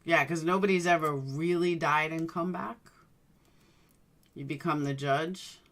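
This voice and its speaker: Low-voiced woman chatting casually. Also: measured pace. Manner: rambling storyteller, addresses viewers by name. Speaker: livestream host chatting with viewers. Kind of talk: casual chat.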